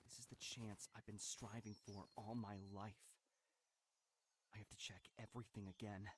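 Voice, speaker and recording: An actor voicing a young man who dreams of making games, speaking his inner thoughts in a quiet, reflective way for a video game. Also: fairly low pitch, level tone, moderate pace, a little hiss or hum, close to an everyday voice. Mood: anxious.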